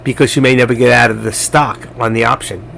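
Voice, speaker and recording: Male streamer, gravelly and chatty, loose live trading talk, faint hiss behind. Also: mid-range voice, steady tone, a little fast, fairly bright tone. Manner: chatty, rambling, addresses chat viewers directly. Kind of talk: casual live trading commentary.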